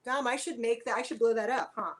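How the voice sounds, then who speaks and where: A woman guest on a video-call Q&A, chatting in a lively, rambling way. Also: on the high side, fairly quick, poor audio. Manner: chatty, animated, tangents.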